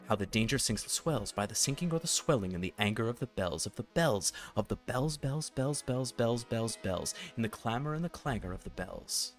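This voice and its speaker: During his livestream teaching tech setup, this man first performs verse with dramatic rises and quiet drops in a medium-pitched voice. Afterward he chats easily while working, filling pauses as he thinks out loud.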